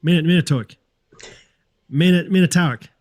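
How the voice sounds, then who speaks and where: A man's voice: fairly high pitch, moderate pace, a little mellow. A man joking around as a guest in a casual podcast chat. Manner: playful, joking.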